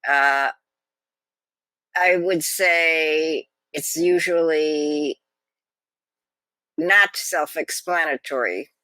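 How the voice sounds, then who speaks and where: A woman's voice: sits low, drawn-out words, long pauses, pushed and bright, no echo. An older woman co-hosting a podcast in casual chat, speaking with wry, dry humor on a computer mic. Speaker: podcast co-host. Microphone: computer microphone.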